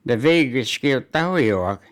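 With a medium pitch and lively intonation, a man reads out community announcements and hockey news. His delivery is halting, packed with fillers and false starts.

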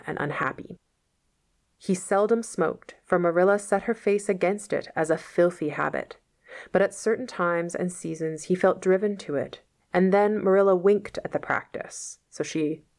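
A woman's voice: lowish voice, creaky. A woman reading a novel aloud and patiently explaining old words in casual asides, as a teacher.

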